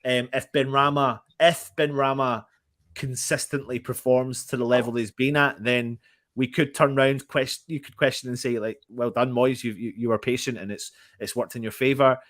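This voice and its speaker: A man's voice: mid-range voice, level tone, moderate pace, a bit bright, no echo, clean studio sound. A man hosting a casual live fan stream, reading out chat messages and laughing often. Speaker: fan channel host.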